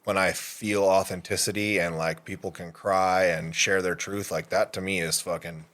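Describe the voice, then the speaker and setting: A man's voice: low-pitched, flat delivery, moderate pace, a bit bright. A man co-hosting a podcast, laid-back and swearing casually in conversation. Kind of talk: casual chat.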